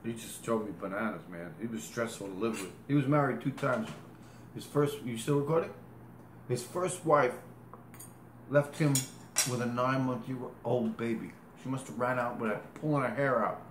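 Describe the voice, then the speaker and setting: A man's voice: medium pitch, moderate pace, slight background noise. Rambling man in an echoey room. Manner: rambling, self-correcting, demonstrates with gestures. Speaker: interviewee. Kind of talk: casual storytelling. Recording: echoey room with faint ambience.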